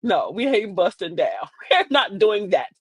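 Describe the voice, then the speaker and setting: Woman in her 40s, aave, chatty livestream host, pitch all over the place, dry close sound. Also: measured pace, no room sound. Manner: animated, talks to viewers, acts out quoted voices. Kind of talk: casual livestream monologue.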